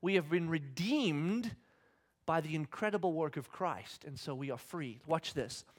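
A man in his thirties delivers a sermon with a high voice, mixing personal stories with scripture. He acts out the scenes he describes and jokes at his own expense. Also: unhurried. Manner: animated storyteller, acts out scenes, self-deprecating humor. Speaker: pastor. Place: church hall with congregation.

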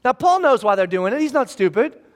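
A man preaching a sermon with a very high-pitched voice. He is animated and emphatic, and he acts out scenes with sudden shouts. He speaks as a pastor. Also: fairly quick. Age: adult, married with children.

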